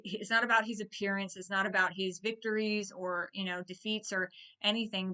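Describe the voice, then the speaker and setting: A chatty woman retelling a film's plot with a bright, clear tone. She talks casually and expressively, jumping into characters' lines as she goes. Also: mid-range voice. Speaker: movie vlogger. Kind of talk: casual movie recap.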